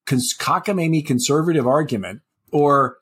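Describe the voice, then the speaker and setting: A man's voice: fairly high pitch, normal speed, fairly bright tone, husky. A man co-hosting a health policy talk show, arguing in a pointed, impassioned way. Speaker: podcast co-host. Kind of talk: casual policy discussion.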